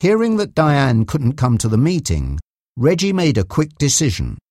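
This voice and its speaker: A man narrating a chapter of an audiobook in a steady storytelling manner. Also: medium pitch, moderate pace, no room sound, studio quality. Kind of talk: scripted narration.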